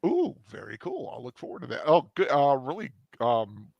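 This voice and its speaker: A man's voice: medium pitch, huge pitch swings, normal speed, vocal fry, no echo, lo-fi sound. A man hosting a casual film chat, talking in a rambling way with many fillers and restarts. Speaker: host.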